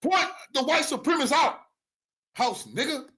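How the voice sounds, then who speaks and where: A man's voice: extremely high pitch, lively intonation, moderate pace, bright, forceful tone. A man giving a heated, profane commentary rant as an online news commentator. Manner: angry, profane, preachy.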